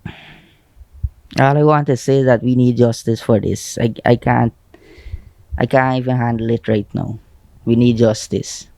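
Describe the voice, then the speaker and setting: A young man with a Guyanese accent, giving a shaken, halting eyewitness account in a news interview. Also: mid-range voice, fairly even intonation, warm tone, no room sound. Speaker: eyewitness friend.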